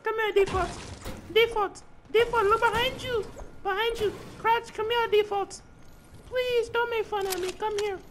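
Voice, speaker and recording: A squeaky young guy who whines and pleads in a mock-earnest tone. The voice sits extremely high, almost cartoonish, and the noisy online game voice chat leaves a steady hiss behind it. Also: measured pace. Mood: whiny. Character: squeaky young guy claiming a speech impediment.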